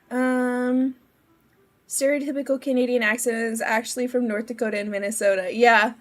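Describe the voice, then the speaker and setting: A woman's voice: on the high side, steady tone, normal speed. A young woman chatting casually on a game live stream, giggling often and wandering off on tangents.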